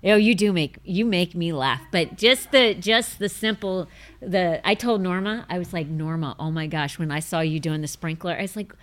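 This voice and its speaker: A middle-aged woman hosting a show, telling rambling, self-mocking stories in a bubbly, casual chat and breaking into high laughing fits. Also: moderate pace. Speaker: host.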